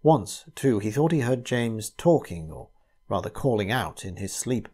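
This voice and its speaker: A man narrating a classic ghost story aloud in a measured, steady way. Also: lowish voice, slightly rough.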